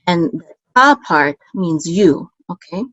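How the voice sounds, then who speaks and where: Low-voiced woman teaching a language lesson. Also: expressive, slow pace, fairly bright tone, dry recording. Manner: explains patiently, checks in with "okay?" often. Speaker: Biblical Hebrew teacher. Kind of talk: casual screen-share lesson. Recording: dull, dry lo-fi sound.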